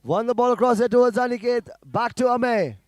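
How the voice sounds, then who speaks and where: A man giving live play-by-play commentary on a football match, calling passes quickly and rising to shouts at goals. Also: extremely high pitch, no echo, studio quality.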